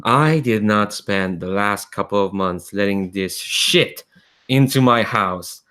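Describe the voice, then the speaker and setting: A man's voice: lowish voice, slow pace, bright, forceful tone, smooth. A man doing a menacing task-force chief. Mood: contemptuous. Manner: menacing, contemptuous threats. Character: hostile male head of a mutant task force.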